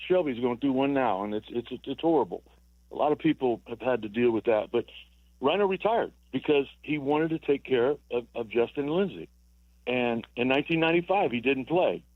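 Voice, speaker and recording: Phoning in to sports radio, this ex-ballplayer in his sixties spins meandering stories, repeating himself and chuckling along the way. He speaks in a mid-range voice over a dry, tinny phone line without echo.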